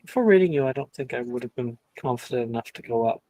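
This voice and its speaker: A man's voice: medium pitch, expressive, quick pace, warm tone, no room sound. A man playing a tabletop game in character, rambling and playful, often breaking into laughs. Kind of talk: in-character role-play.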